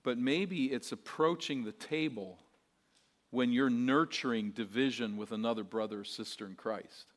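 At medium pitch and normal speed, a man delivers a sermon as pastor, earnest and full of rhetoric. Phrases come back again and again, rhetorical questions pile up, and his lines alternate between soft and quiet and emphatic.

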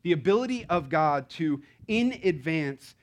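A man preaching a sermon to a congregation in a conversational, animated way, with frequent asides and rhetorical questions. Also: a little high, a little slow. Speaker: pastor.

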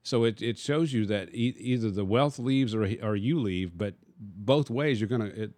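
A man's voice: fairly low pitch, normal speed, a little mellow, no echo. A man, a pastor, teaching casually in a discussion and posing rhetorical questions to his listener.

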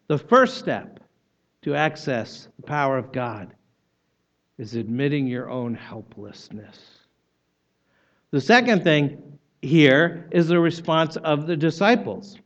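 A man delivers a sermon in a high-pitched voice. He pushes hard on key words and then lets his points fall away softly. The recording sounds muffled and lo-fi. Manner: emphatic, rising loud for stress and dropping soft at ends. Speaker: pastor.

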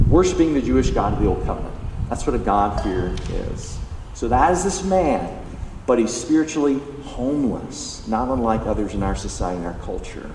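A pastor preaching a sermon, emphatic and animated, acting out the lines he quotes. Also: medium pitch. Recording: echoey hall, distant mic, faint background noise.

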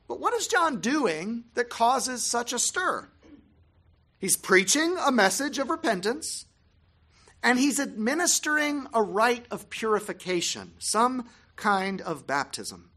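A Bible teacher giving scripted narration on a gospel passage, measured with emphatic pauses. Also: mid-range voice, sing-song, bright, forceful tone, breathy edge.

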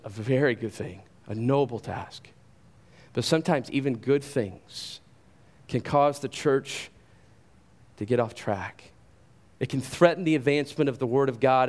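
A man preaching a sermon, emphatic, asking rhetorical questions and doubling words as he stresses a point. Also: medium pitch. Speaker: pastor.

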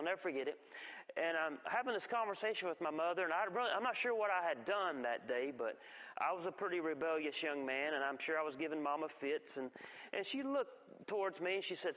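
A man giving a folksy church testimony, telling stories with halting restarts. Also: on the high side, a bit bright. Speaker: guest speaker giving testimony. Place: church sanctuary. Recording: long reverb of a church hall.

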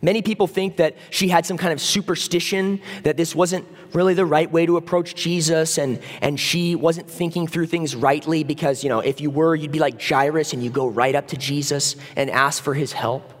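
A man preaching a sermon in a conversational, animated way, acting out the voices of the people in the story. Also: on the high side, normal speed, hardly any pauses. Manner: conversational, animated, acts out voices of biblical figures. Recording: long reverb of a hall.

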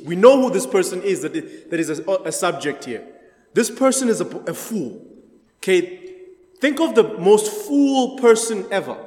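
A man leading an interactive Bible study, chatty, laughing often and quizzing the group. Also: sits high. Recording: echoey hall.

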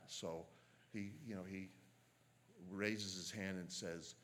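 A man preaching a sermon as a pastor, earnest and measured, slowing down to stress quoted lines. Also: low voice, fairly bright tone, a little hiss or hum.

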